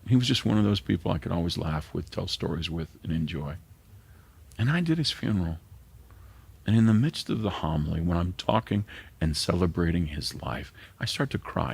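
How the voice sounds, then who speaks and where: This older pastor's voice sits low and sounds creaky and slightly rough as he preaches briskly. His delivery is earnest and emotional, falling to a whisper when things turn tender.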